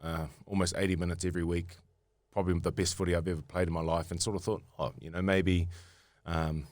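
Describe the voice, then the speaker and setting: Low-voiced New Zealand man telling stories. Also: level tone, fast, darkish tone, no room sound. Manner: rambling, many fillers and restarts. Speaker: guest rugby player. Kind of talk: casual podcast storytelling.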